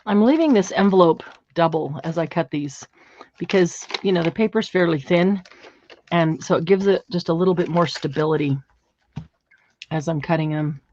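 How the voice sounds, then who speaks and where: A woman hosts a craft livestream from her home craft room, her voice fairly low. She chats as she works, thinking aloud and admiring what she finds. The audio is dull and lo-fi, with faint noise behind her. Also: moderate pace, a little mellow. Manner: chatty, admiring, thinks aloud while working. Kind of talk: casual craft chat.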